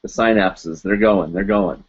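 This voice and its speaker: Host, man in his 40s, lowish voice, loose and chatty, laughs at himself, dull lo-fi desk mic. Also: steady tone, measured pace, breathy edge. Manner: rambling and self-mocking, chuckling often. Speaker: live stream host. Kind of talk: casual live-stream chat.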